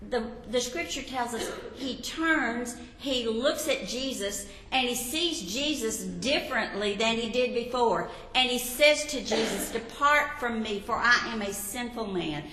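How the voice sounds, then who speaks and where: A woman teaching a sermon, telling Bible stories and asking the listeners questions. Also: medium pitch. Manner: warm storytelling, asks the listeners questions. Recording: echoey hall with long reverb.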